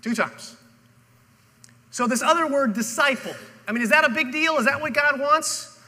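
A man's voice: very high-pitched, moderate pace, sharp tone. A male pastor preaching a sermon and telling the story dramatically, acting out the people in it. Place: church auditorium. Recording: long hall reverb.

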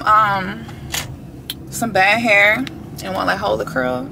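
A woman's voice: medium pitch, sing-song, measured pace, vocal fry. A young woman chatting casually to her vlog camera while driving in city traffic, sounding a little nervous and laughing between thoughts. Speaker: vlogger. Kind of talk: casual car vlog chat. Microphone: camera on a car tripod. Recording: loud road noise.

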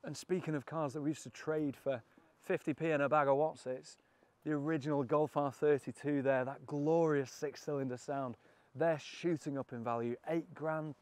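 A man's voice: fairly high pitch, darkish tone. A British man presenting a walkaround of a classic car auction, enthusiastic, cheeky and full of jokes. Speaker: car vlogger.

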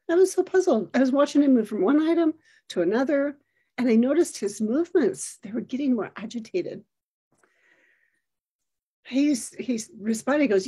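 A middle-aged woman telling a personal story in a reflective, measured way. Her voice is warm and soft, a little breathy, set fairly high. She describes each moment with care. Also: expressive.

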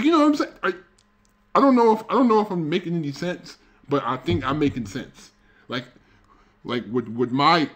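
A man hosting a reaction video, rambling casually and leaning on "like" and "you know what I'm saying". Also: mid-range voice.

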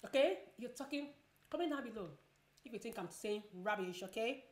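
A woman's voice: fairly high pitch, animated, normal speed. Chatty woman in a roomy room. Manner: chatty, repetitive, advice-giving. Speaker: vlogger. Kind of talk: casual chat while eating.

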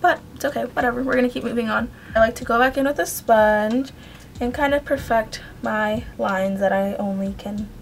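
Young female beauty vlogger, slightly high voice, casual and rambling at home. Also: normal speed, gravelly, a little hiss or hum. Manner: chatty, rambling, uses "like" and "um" often. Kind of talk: casual makeup tutorial.

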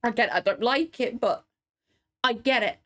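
A woman's voice: on the high side, normal speed, bright, forceful tone. A woman in tears and sniffling, rambling emotionally and swearing often as she reacts to a TV episode at home. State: tearful and sniffling. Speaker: reaction video host. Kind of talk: casual reaction commentary.

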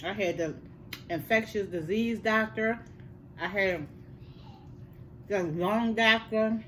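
An older woman, telling a personal story in casual chat, animated and repeating words for emphasis. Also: mid-range voice, slow pace, slight background noise. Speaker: host.

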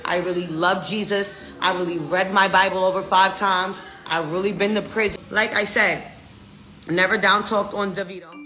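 A woman's voice: lowish voice, sharp tone, echoey room. An American woman ranting defiantly in a casual live video, brash and profane. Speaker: social media personality.

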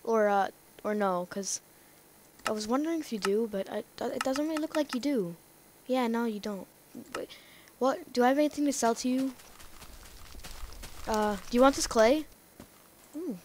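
A woman rambling through casual gameplay commentary, talking excitedly to herself and to the game's characters. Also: a little high, moderate pace, pauses often, slight background noise. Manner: rambling, excitable self-talk to the game. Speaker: let's play gamer.

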